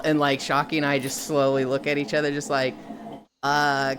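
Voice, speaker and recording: A woman streamer chatting casually, laughing often and acting out quoted lines with lively changes of voice. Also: low voice, normal speed, soft background music. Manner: animated, laughing, acts out quotes. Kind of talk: casual chat. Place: VR chat stream.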